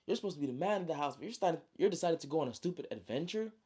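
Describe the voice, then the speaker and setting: A man's voice: fairly high pitch, expressive, rapid-fire, mellow, close to an everyday voice. A man voicing a worried teenage brother. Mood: pleading. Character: teen boy, worried older brother figure.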